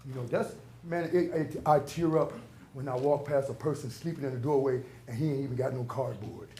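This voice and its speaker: A man's voice: medium pitch, steady tone, a little fast, mellow. Impassioned man, preacher-like cadence. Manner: emotional, preacher-like cadence with rhetorical questions. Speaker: public commenter. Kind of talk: impassioned public comment. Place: large council chamber. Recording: echoey council chamber.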